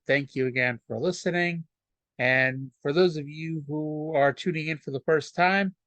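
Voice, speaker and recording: A man's voice: on the high side, no room sound, highs cut off. A man hosting a podcast, recapping episodes casually with lots of fillers and asides. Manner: rambling, with many fillers. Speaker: podcast host.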